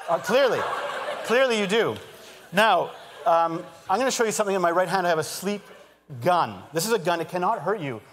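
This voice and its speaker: A man giving a live stage talk as a hypnotist, moving between calm trance suggestions and lively explaining to an audience. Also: high voice, a little fast, background noise. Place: large auditorium stage. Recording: long hall reverb.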